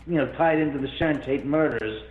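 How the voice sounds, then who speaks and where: A man telling a long story as an interview guest, rambling and animated, with many restarts. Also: fairly high pitch, fairly quick. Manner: rambling, animated, full of restarts and self-quotes. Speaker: guest, haunted-house owner. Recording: phone-like line in an echoey room.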